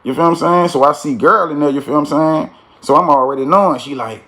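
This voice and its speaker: A man's voice: medium pitch, rapid-fire, fairly bright tone. A man telling a street story in a casual, slangy way, with frequent "you feel me" tags.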